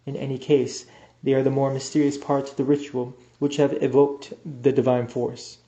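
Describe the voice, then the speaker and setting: A man reading an esoteric book aloud as an audiobook, measured and deliberate, now and then stumbling and restarting a word. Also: mid-range voice, little pitch movement, mellow. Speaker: audiobook reader. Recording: roomy, echoey room sound.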